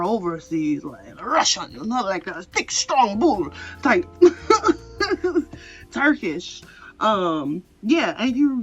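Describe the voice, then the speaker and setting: A woman giving a casual pick-a-card tarot reading, rambling and chatty with frequent laughs. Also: medium pitch. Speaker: tarot reader. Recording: slightly dull lo-fi audio with faint music.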